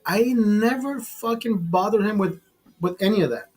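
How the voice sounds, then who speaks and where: A middle-aged man telling rambling, profanity-laced stories in a casual vlog, pausing and restarting as he talks. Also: high voice, husky, poor audio. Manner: profane, rambling, animated storyteller. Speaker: vlogger. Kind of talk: casual storytelling over a beer.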